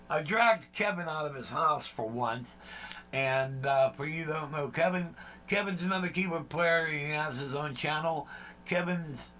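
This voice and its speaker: A man's voice: fairly high pitch, pushed and bright, a little hiss or hum. A man, chatting casually as a vlog host, rambling and joking with lots of fillers and asides. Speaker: channel host.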